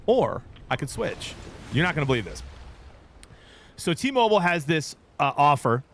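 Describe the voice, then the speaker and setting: A man's voice: a little high, sing-song, normal speed, fairly bright tone. A man in his thirties, a streamer, telling a rambling story in casual chat with his viewers.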